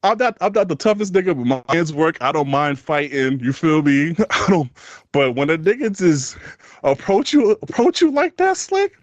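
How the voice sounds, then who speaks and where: A man's voice: on the high side, very animated, moderate pace, no room sound, muffled recording. A man with a Brooklyn accent telling a story on a podcast in slangy street talk, laughing as he goes. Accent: Brooklyn, New York. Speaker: podcast co-host. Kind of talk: casual storytelling chat.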